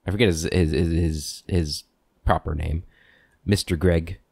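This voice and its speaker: A man hosting a let's play, chatting casually as he plays and reading the game's text aloud in a relaxed, meandering way. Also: very deep voice, normal speed, creaky, breathy edge, dry recording, studio quality.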